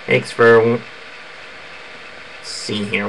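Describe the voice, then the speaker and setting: A man's voice: mid-range voice, lively intonation, slow, pauses often, sharp tone, slight background noise, poor audio. A man giving his fight predictions in a casual monologue, opinionated and prone to heated rants. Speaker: wrestling fan giving event predictions. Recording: music playing under the voice.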